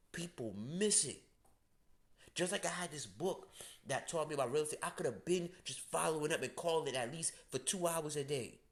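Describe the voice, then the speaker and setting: A man, ranting bluntly and casually as an astrology host, swearing and using slang. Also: on the high side. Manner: blunt, profane, slangy, emphatic. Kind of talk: casual direct-to-camera rant.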